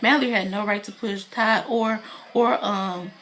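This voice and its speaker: A woman's voice: mid-range voice, steady tone, normal speed, fairly bright tone. A woman giving a casual spoken recap of a reality TV episode, retelling scenes in a chatty way with many fillers. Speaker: TV reality show reviewer.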